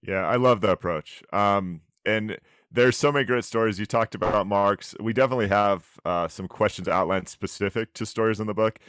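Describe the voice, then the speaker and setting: A man's voice: fairly low pitch, normal speed, a bit bright, clear, resonant tone, no echo, studio quality. A man hosting an interview podcast, asking questions in a friendly, curious way. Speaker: podcast host. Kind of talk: conversational interview.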